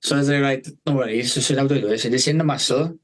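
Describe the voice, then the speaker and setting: A man, hosting a podcast, who tells a rambling, animated story, swearing constantly and laughing partway through. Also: medium pitch, rapid-fire, rough recording. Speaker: podcast host. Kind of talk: casual storytelling chat.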